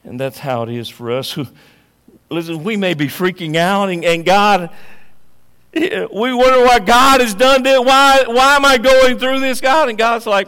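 A man preaching a sermon, swinging from hushed, slow lines to loud, emphatic ones. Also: sits high, smooth, long reverb tail.

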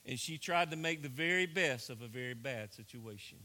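Pastor, male, middle-aged; earnest sermon delivery, hushed then rising; bright tone. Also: medium pitch, lively intonation, moderate pace. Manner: earnest preaching, swings between hushed and raised.

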